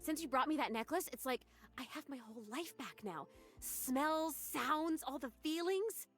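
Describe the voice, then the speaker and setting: A bubbly, trusting young ghost. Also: female voice, high-pitched, lively intonation, normal speed, faint music behind. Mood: wondering. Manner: gushing, wondering, breathless. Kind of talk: voiced video game dialogue.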